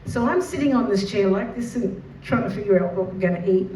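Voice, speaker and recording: An Australian woman, an educator and mother, telling a personal story in a lively, vivid storytelling manner. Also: mid-range voice, fairly quick. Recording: roomy, distant mic with faint noise.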